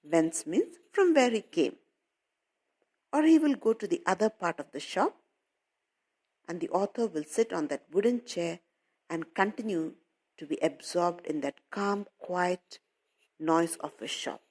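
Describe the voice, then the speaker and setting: A woman teaching a literature lesson to young pupils. Her voice sits on the lower side, yet it rises and falls a lot as she goes. She explains patiently, repeating and rewording each line for the children. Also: lively intonation, a little slow, pauses often, a little mellow, slightly rough. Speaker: English teacher. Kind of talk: explaining a story to schoolchildren.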